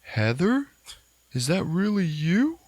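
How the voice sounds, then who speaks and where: A man's voice: high-pitched, very animated, slow, darkish tone, no echo, pitched above the performer's own voice, exaggerated voice. A man voicing a frightened young man cowering in a corner, pleading urgently.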